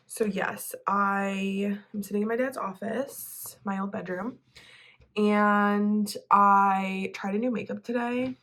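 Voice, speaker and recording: Slow, chatty young woman vlogging. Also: medium pitch, fairly even intonation, a bit bright. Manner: chatty, talks to her pet in a baby voice. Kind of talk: casual vlog chat. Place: bedroom and home office, indoors. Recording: distant mic, faint background noise.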